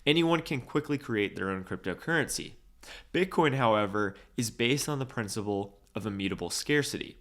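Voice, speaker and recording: A man with a fairly low voice reads a scripted explainer. His delivery is measured and steady, like a host walking viewers through a topic.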